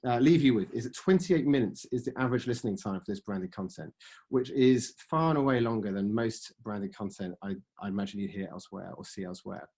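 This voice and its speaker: A man in his forties giving a business presentation on podcast advertising, pitching products with frequent fillers and sentences that trail off. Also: a little fast, warm tone, slightly rough. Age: 40s. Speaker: ad sales presenter.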